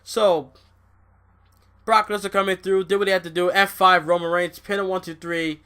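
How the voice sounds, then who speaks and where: A young man giving a casual, excitable wrestling review, repeating himself, swearing and laughing at his own points. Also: high voice, normal speed, clean tone.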